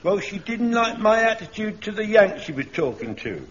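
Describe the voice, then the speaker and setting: An actor playing an earnest, rambling old corporal in a radio comedy. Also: male voice, sits high, big pitch swings, normal speed. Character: eager old soldier, a home guard corporal. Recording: dull archive radio recording.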